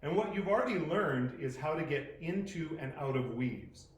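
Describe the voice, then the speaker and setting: A man's voice: on the high side, expressive, normal speed, a little hiss or hum. Man teaching a spinning class, roomy echo. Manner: thinks aloud, corrects himself mid-demonstration. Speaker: poi instructor. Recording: roomy echoing sound.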